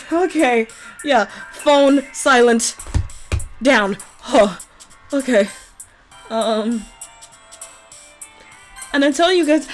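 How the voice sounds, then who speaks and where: A woman's voice: sits high, expressive, extremely slow, pauses often, faint music behind. A young woman playing a horror visual novel at home at night, reading the story aloud and reacting in a jumpy, dramatic, sarcastic way. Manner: jumpy, dramatic, sarcastic, breaks into nervous laughs. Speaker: let's play host.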